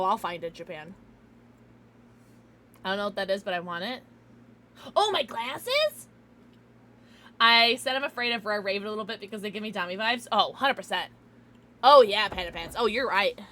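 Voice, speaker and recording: Giggly young woman streamer, bright and lively. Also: mid-range voice. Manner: giggly, tipsy, chatty. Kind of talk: casual livestream chat with viewers.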